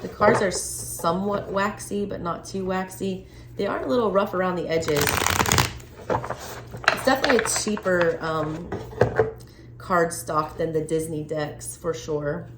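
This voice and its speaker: A woman doing a casual, chatty tarot unboxing and reading, excitable and cursing freely as she goes through the cards. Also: on the low side, unhurried. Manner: chatty, excitable, swears casually, frequent laughs. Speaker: tarot reader. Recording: echoey room with faint background noise.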